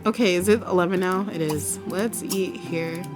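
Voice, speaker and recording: A woman hosting a casual life-sim let's play, chatting excitedly, laughing often and swearing now and then, on a desk USB microphone. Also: fairly low pitch, moderate pace, over music. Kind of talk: casual game commentary.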